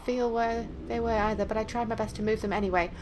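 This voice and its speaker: A woman's voice: fairly high pitch, steady tone, quick pace, noisy background, close to an everyday voice. A woman reading a frightened teenage girl.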